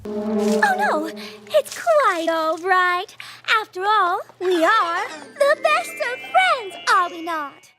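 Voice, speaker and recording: Refined cartoon unicorn mare, affected diction, unhurried, sung-out lines, loud music behind. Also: female voice, very high voice, sing-song, exaggerated voice. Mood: gracious. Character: posh, theatrical young unicorn mare. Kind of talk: cartoon dialogue clip.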